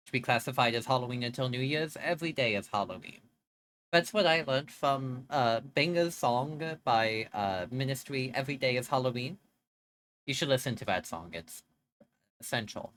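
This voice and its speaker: A young woman livestreamer chatting casually with her viewers, greeting them in a bubbly, playful way with sudden jumps up in pitch. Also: animated, normal speed, fairly bright tone.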